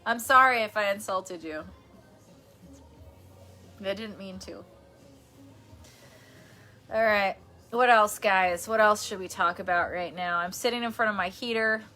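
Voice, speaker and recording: A woman's voice: medium pitch, a little slow, long pauses, pushed and bright, soft background music. A woman from New York chatting casually on a livestream in her bedroom, reading out comments, rambling and laughing often. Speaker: streamer.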